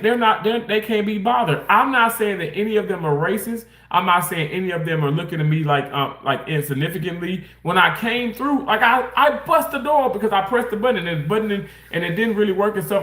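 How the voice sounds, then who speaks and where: A man's voice: on the high side, fairly bright tone, reverberant. A man who works in a hospital, talking in a casual vlog rant, rambling and emphatic with many restarts. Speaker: hospital worker.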